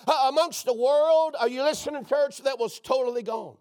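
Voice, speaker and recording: A man preaching a fervent sermon, breaking into shouts and calling out to his listeners as dear friend. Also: extremely high pitch, moderate pace.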